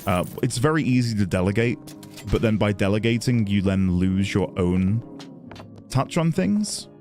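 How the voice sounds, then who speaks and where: A man talks casually to his stream audience while he plays, with a lively voice that rises and falls a lot. Quiet music plays underneath him. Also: fairly low pitch, moderate pace. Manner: reflective, chatty, thanking viewers. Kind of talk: casual gameplay commentary.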